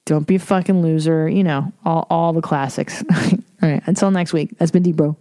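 A woman's voice: low-pitched, fairly even intonation, normal speed, mellow, no echo, clean studio sound. A middle-aged woman hosting a solo podcast, talking in a rambling, blunt, profane, casual way. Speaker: podcast host.

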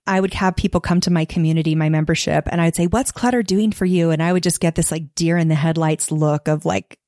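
A woman's voice: sits low, steady tone, fast, a little mellow, dry recording, clean studio sound. A woman, a professional organizer, talking earnestly and at length as a podcast guest, now and then acting out the voices she quotes. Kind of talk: podcast interview.

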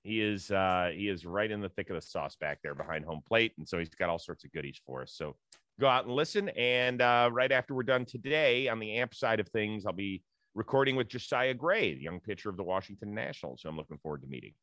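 A man's voice: lowish voice, expressive, brisk, a bit bright, dry recording. A man hosting a podcast, trading casual banter and plugging upcoming episodes with a chatty manner. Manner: chatty, hypes guests and sign-offs. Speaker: podcast host.

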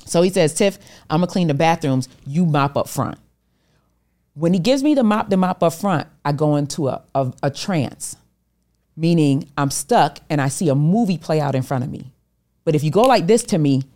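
A woman's voice: sits low, lively intonation, moderate pace, warm tone. A middle-aged woman, a podcast guest, telling a personal story animatedly and acting out the voices she quotes. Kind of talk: storytelling interview talk.

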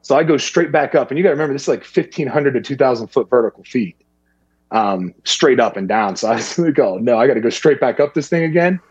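A man with a slightly husky voice rambles through a story in casual podcast talk, jumping into other people's voices as he quotes them. The sound is dry and close, a bit dull and lo-fi. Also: mid-range voice, quick pace, dry recording. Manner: rambling, animated when quoting others. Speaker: guest.

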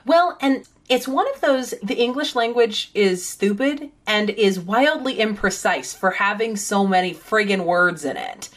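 A woman's voice: medium pitch, animated, unhurried, few pauses. A woman and parent, a guest on a podcast, talking bluntly and swearing freely in casual chat. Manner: blunt and profane.

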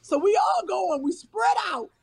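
A woman's voice: very high-pitched, wildly swooping pitch, normal speed. A woman, chatting casually and playfully, often breaking into laughter. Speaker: talk show co-host. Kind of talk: casual chat on a phone or video call.

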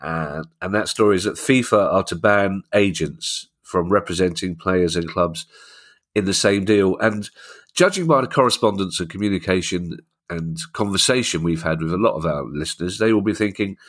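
Low-voiced male podcast host, wry and jokey, casual chat. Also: normal speed. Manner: wry, joking, reads listener questions.

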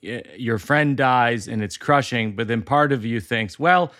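A man hosting a casual interview conversation, telling stories and jokes in an animated way and laughing through his own punchlines. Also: mid-range voice, a little slow, dry recording, clean studio sound. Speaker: host.

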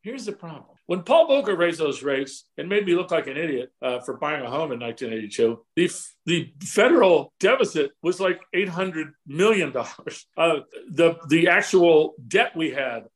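A man in his sixties with a high-set voice, co-hosting a finance chat. He rambles and presses his points hard, doubling back with restarts and side remarks. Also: sing-song, normal speed, poor audio. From United States. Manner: rambling, emphatic, with restarts and asides. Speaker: co-host. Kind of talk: market commentary chat.

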